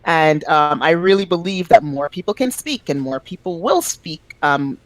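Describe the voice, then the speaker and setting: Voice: medium pitch, expressive, normal speed, fairly bright tone, poor audio. A podcast guest speaking casually and emphatically, full of fillers, about their own language business. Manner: opinionated, emphatic, frequent fillers.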